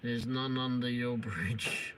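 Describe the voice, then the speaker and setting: A man's voice: mid-range voice, steady tone, slow pace, a bit bright. A middle-aged English man hosting a live stream, chatting casually and sarcastically with viewers and teasing trolls. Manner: sarcastic, swears and teases trolls. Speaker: livestream host. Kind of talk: casual chat replying to live comments. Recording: noisy live stream audio.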